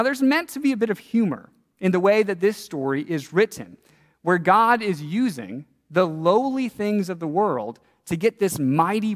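A man preaching a sermon, reading scripture and retelling it with animated storytelling and questions to his listeners. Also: high voice, big-room sound. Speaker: pastor.

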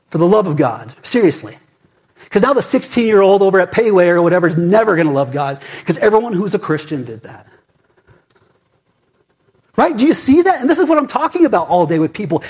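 A male pastor in his forties preaching a sermon in a fired-up, conversational way, swinging between loud emphasis and hushed asides. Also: high voice, husky.

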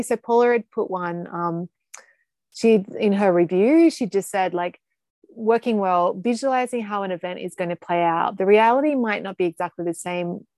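A woman leads a group video call in an upbeat, encouraging way, cheering people on with quick bursts of praise. Her voice is dry and close, with no room sound around it. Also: mid-range voice, vocal fry, darkish tone, no echo. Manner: enthusiastic, encouraging, many exclamations.

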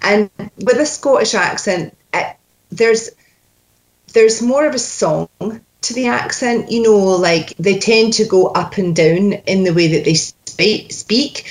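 Unhurried woman dialect coach, patient explanations, filler-heavy. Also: medium pitch. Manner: measured, explanatory, fillers like "you know, like".

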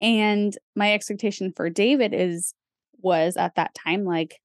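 A woman's voice: medium pitch, unhurried, dry recording, clean studio sound. A young woman co-hosting a podcast, talking in a casual, chatty way with lots of fillers and small laughs. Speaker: podcast co-host. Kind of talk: casual chat.

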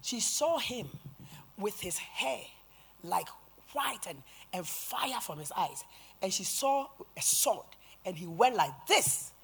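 A woman pastor preaching a sermon, telling a story with animated acted-out quotes and rising to shouts. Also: mid-range voice, slow, husky. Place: church sanctuary.

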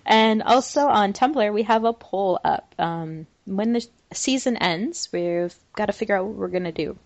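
Gravelly-voiced woman podcast host. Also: medium pitch, moderate pace, darkish tone, no room sound, highs cut off. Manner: breezy, laughing, runs the show. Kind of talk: casual podcast chat.

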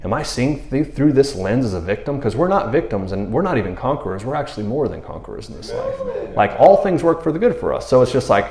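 A man gives a sermon in loose, casual speech, often slipping into the voices of the people in the story. His pitch swings widely as he talks. The sound is roomy, with a clear echo around his voice. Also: brisk, hardly any pauses, crowd noise. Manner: animated, slangy, acts out quotes in character voices. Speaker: pastor.

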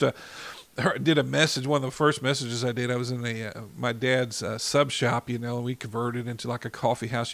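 A man's voice: medium pitch, gravelly, fairly bright tone. A man ministering in an informal devotional talk, enthusiastic and fired up, often saying "you know.".

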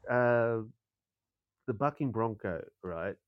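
A man's voice: mid-range voice, expressive, slow, highs cut off. A man on a casual podcast, telling crude bits and rambling with fillers. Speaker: podcast co-host.

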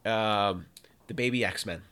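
A man's voice: lowish voice, slow pace, bright, forceful tone. A man co-hosting a podcast in casual chat, playful and jokey, often trailing off mid-sentence. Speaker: podcast co-host.

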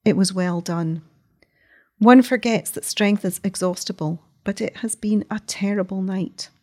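A woman voicing a distressed, weary noblewoman who speaks low, with a moan in her voice, in a read-aloud story. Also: unhurried, warm tone, lightly acted. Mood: anguished. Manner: low and moaning.

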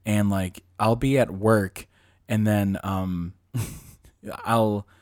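A man co-hosting a podcast in casual chat, telling stories animatedly, laughing often and slipping into squeaky put-on voices. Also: steady tone, drawn-out words, a little mellow, dry recording, studio quality. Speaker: podcast co-host.

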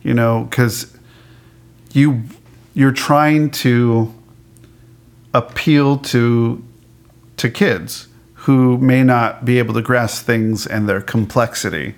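A man chatting casually as a podcast co-host, animated, laughing often and restarting his sentences. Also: medium pitch, takes it slowly, pauses often. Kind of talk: casual chat about a cartoon.

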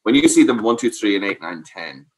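Low-voiced man giving parenting advice. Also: sing-song, brisk. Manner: explains patiently, asks "does that make sense?". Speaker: parenting expert. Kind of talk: advice talk.

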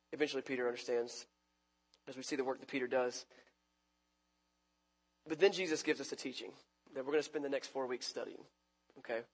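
A man pastor giving a conversational sermon, acting out quoted lines with sudden shifts between loud and soft. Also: fairly high pitch. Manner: conversational preaching, acts out quoted lines with big swings in loudness. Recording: long reverb of a church hall.

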